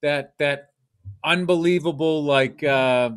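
A man's voice: fairly high pitch, slow, smooth. A man in casual podcast chat, blunt and profane, with sarcastic jokes. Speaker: podcast co-host.

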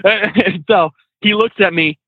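Animated trucker on a tinny line. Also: male voice, sits high, slow pace, no echo. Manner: animated anecdotes with frequent laughs and restarts. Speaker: truck driver and trainer. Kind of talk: casual storytelling interview. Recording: dry tinny phone-like line.

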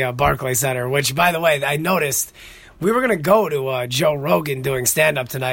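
Excitable, profane podcast host, man. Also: a little high, no room sound. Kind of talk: casual monologue.

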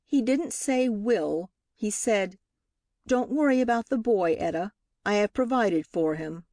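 A woman reading a novel aloud as scripted narration, lifting her pitch for the characters' lines. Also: animated, unhurried, mellow, dry recording, clean studio sound. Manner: reads dialogue with lifted pitch for characters. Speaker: audiobook reader.

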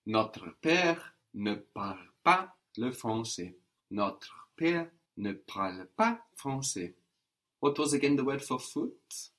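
A man's voice: medium pitch, sing-song, slow, fairly bright tone. A man teaching a language lesson, patiently repeating and modelling words.

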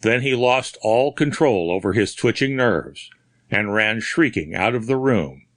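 A man narrating a horror story in a measured, dramatic reading. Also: fairly low pitch, expressive, fairly bright tone, no room sound, studio quality. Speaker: audiobook narrator. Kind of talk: scripted narration.

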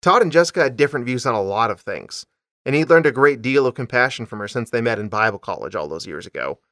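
A man's voice: medium pitch, expressive, fast talker, fairly bright tone, no echo, clean studio sound. A man hosting a comedy podcast, reading a story with dramatic emphasis and stopping to joke.

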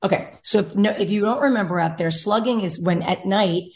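A young adult woman hosts a casual chat, speaking a little fast in a mid-range, slightly mellow voice. She rambles through a story like a chatty storyteller, acting out what other people said.

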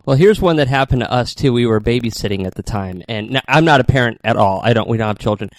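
A man's voice: medium pitch, fast talker. A man hosting a radio chat, telling rambling funny stories and laughing often.

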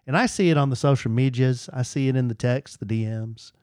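A man's voice: medium pitch, fairly quick, a little mellow, no room sound, clean studio sound. A man co-hosting a podcast, playful and mock-aggrieved as he jokes in casual chat. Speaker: podcast co-host. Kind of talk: casual chat and comedic rant.

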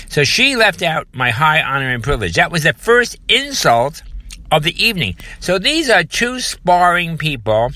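A man's voice: a little high, sing-song, moderate pace, sharp tone. A man, delivering an emphatic political commentary monologue with frequent repetition and mocking asides. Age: 70s.

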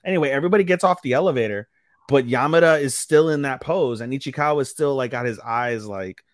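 A mid-range male voice speaks at a quick pace, recorded clean in a studio with no echo. He co-hosts a casual anime podcast, recapping episodes with swearing and acting out the characters' lines.

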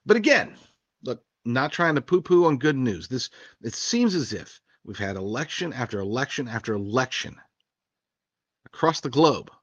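A man's voice: medium pitch, big pitch swings, normal speed, fairly bright tone, no room sound, highs cut off. A man hosting a political talk show, reading news stories and adding rambling, sarcastic asides with short chuckles. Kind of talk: casual political commentary.

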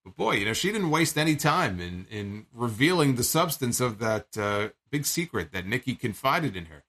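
A man hosts a wrestling talk show, reading an ad and recapping events in a chatty, wry manner full of fillers and asides. His mid-range voice is sing-song and fairly bright, at normal speed.

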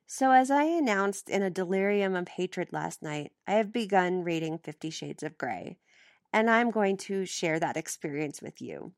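A woman's voice: lowish voice, expressive, unhurried, no room sound, studio quality. A woman reading a first-person novel aloud as an audiobook, giving the dialogue light voicing. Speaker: audiobook reader.

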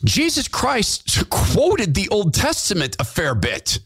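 A man's voice: sits high, wildly swooping pitch, slow, fairly bright tone, husky. A man hosting a talk podcast, delivering an impassioned opinion monologue and repeating phrases for emphasis. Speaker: podcast host, former radio host.

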